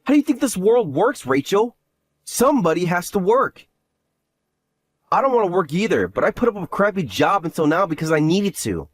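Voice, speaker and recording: A man's voice: sits high, big pitch swings, moderate pace, no room sound, studio quality. An actor voicing a scheming young man who scolds his sister in an exasperated way in a voiced story drama. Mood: angry.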